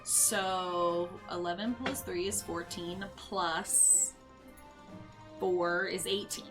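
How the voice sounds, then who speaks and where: A woman playing a tabletop game, excitable and quick to laugh, reading rules aloud. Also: fairly low pitch, over music. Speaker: player.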